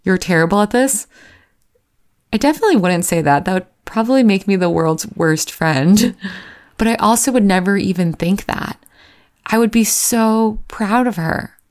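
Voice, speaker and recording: A woman's voice: mid-range voice, animated, moderate pace, darkish tone. A woman in her thirties telling a candid, self-deprecating personal story to camera, sometimes acting out her own inner voice. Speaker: vlogger.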